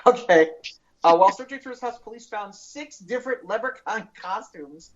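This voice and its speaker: A woman's voice: mid-range voice, animated, normal speed, lo-fi sound. A woman hosting a comedy news podcast, reading a story and breaking into giggles.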